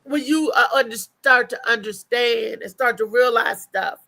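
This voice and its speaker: A co-host on a casual livestream chat tells stories in an animated way, restarting often and laughing. Her voice is a little high with vocal fry, and she speaks a little slowly.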